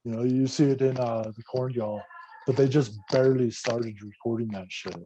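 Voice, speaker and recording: A man, an army veteran guest on a podcast, telling war stories in a casual, profane, animated way. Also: mid-range voice, normal speed, highs cut off, slight background noise. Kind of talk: casual storytelling.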